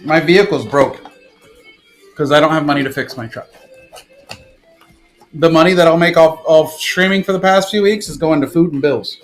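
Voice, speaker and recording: Young guy streaming pack openings, high voice, bit of music playing behind. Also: moderate pace, pauses often. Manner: rattles off card names, bursts of excitement. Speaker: live stream card breaker.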